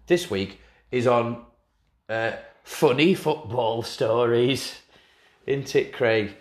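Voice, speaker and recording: A man co-hosting a casual football podcast, telling stories with a lively delivery and slipping into impressions. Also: mid-range voice, measured pace, roomy sound. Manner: lively storyteller, slips into impressions of people. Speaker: podcast co-host.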